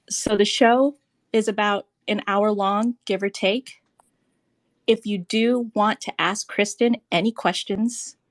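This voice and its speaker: A young woman hosts a loose live audio chat show. She laughs often and swears freely. Her voice sits at a middle pitch, and the sound is dry and close. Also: no room sound. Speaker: podcast host.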